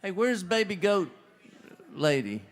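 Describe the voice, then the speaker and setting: A man's voice: sits high, sing-song, measured pace. A man, rambling folksy banter between songs at a live music bar, into a stage microphone. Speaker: bandleader and singer. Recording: live band playing behind. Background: guitar music.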